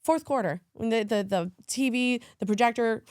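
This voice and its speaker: A woman's voice: fairly high pitch, moderate pace, darkish tone, dry recording, studio quality. A woman co-hosting a casual sports podcast, gushing and tearful as she talks about her team. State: crying at times. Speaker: podcast co-host.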